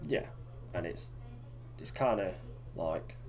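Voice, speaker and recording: A man's voice: low-pitched, expressive, slow pace, a little mellow, faint music behind. A man co-hosting a podcast, chatting casually and rambling with lots of fillers and restarts. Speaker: podcast co-host. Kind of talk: casual chat.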